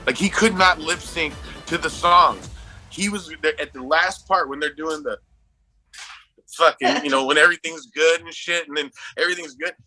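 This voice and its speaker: A man's voice: fairly high pitch, moderate pace, faint music behind. A man in casual podcast chat about a movie, swearing a lot and laughing often as he tells scenes. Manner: profane, excitable, laughs often while telling. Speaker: movie review podcast co-host.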